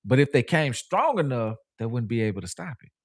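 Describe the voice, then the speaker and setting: Man with a lively, swooping delivery. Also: mid-range voice. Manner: measured, reasoning, lively intonation. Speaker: podcast co-host. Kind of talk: casual discussion.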